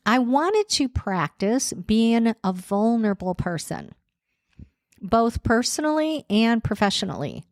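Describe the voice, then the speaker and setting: A woman life coach hosts her solo podcast in an encouraging tone, asking her listeners one question after another. She talks slowly and deliberately, with a hint of a lingering cold. The recording is dry and close, with no room sound. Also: on the high side, sing-song, darkish tone, no echo. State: recovering from a cold.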